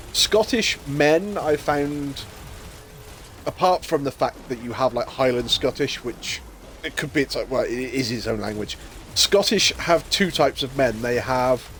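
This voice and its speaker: A British man chats casually while streaming a game, telling stories and acting out the voices of the people he quotes, laughing as he goes. His voice is mid-range with a fairly bright tone, and there's slight background noise.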